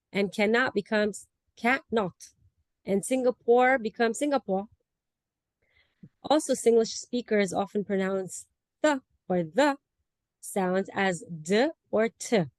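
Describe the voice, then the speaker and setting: A woman's voice: mid-range voice, unhurried, dry recording. A woman giving a class presentation over a video call, explaining word meanings and examples and laughing now and then. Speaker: student presenter.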